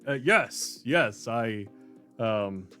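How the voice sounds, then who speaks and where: A man voicing a nervous, flustered gentleman who stammers and hurries his words. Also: medium pitch, expressive, very slow, faint music behind, exaggerated voice.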